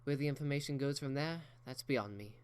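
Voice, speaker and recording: A man's voice: medium pitch, fairly quick, clear, resonant tone, pitched above the performer's own voice, natural voice. A man voicing an elegant, proper unicorn mare who speaks in a genteel, theatrical way. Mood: breezy.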